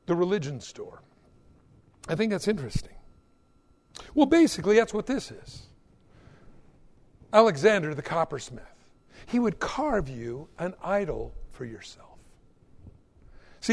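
A male preacher giving an animated, exhorting sermon in an echoey hall. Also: high voice.

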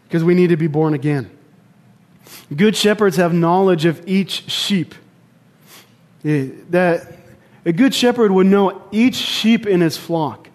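A man's voice: high-pitched, darkish tone. A young man preaching a casual sermon, talking conversationally with asides and personal stories. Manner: conversational, storytelling with asides and restarts.

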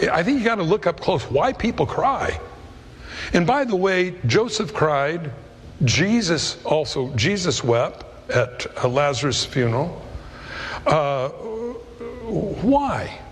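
A middle-aged man preaching a sermon in a conversational, storytelling way. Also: on the high side. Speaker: pastor. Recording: long hall reverb.

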